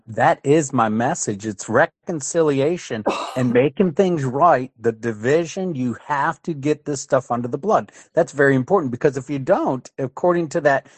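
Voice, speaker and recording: A man's voice: fairly high pitch, no echo. A man co-hosting a Christian talk show, speaking earnestly and conversationally and often checking in with "right?". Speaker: co-host. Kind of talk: casual religious discussion.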